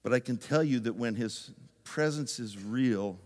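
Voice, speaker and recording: A man who is a pastor, telling a lively story in a sermon, moving from loud excitement down to hushed intensity. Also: medium pitch, a little slow. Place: church sanctuary. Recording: long church reverb.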